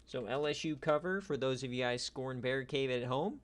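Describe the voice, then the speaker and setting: A man hosting a league stream, giving casual, jokey play-by-play recaps that swing from low mutters to excited shouts. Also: normal speed.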